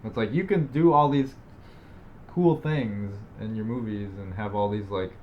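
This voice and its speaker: A man's voice: on the low side, measured pace, dull audio, slight background noise. A young man co-hosting a podcast in casual chat, rambling with lots of fillers and self-deprecating asides. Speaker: podcast co-host.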